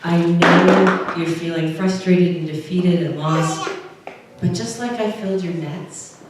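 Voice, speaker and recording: A woman voicing a gentle, calm male teacher who speaks softly and reassuringly. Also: fairly low pitch, slow, pitched below the performer's own voice. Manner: soft, hushed and reassuring. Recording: very echoey room, distant mic, faint noise.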